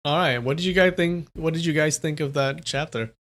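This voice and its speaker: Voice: mid-range voice, brisk. Casual live-stream novel reader. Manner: casual, playful, chatty asides. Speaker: streamer reading a novel aloud.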